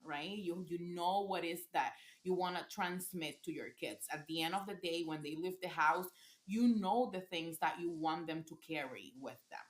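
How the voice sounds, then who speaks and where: A woman's voice: lowish voice, moderate pace. Earnest woman coach in an echoey room. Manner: earnest, repeats and restarts phrases. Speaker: parent coach. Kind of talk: casual podcast conversation. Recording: roomy echo.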